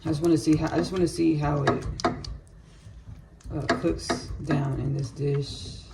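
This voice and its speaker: A woman's voice: low voice, steady tone, measured pace, creaky, very noisy. A woman who hosts a home cooking vlog. She talks casually and rambles, drifting into spiritual asides as she cooks in her kitchen. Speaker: home cook vlogger.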